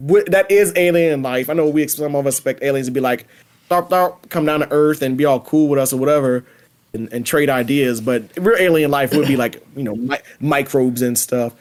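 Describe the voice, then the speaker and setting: A man's voice: mid-range voice, brisk. A man hosting a casual podcast, reading predictions aloud and riffing on them with laughs and slang. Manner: animated, laughing, reads predictions aloud then riffs. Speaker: podcast host.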